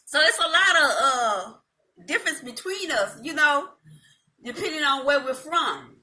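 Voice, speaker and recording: A middle-aged woman with a Southern US drawl talks casually to her viewers. Her voice sits a bit high and rings very bright. She rambles in a folksy way, with frequent ums and easy laughs. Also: animated, a little slow, a little hiss or hum. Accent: Southern US (North Florida, Georgia-like). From Madison, Florida, US South. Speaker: vlog host. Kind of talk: casual chat to camera.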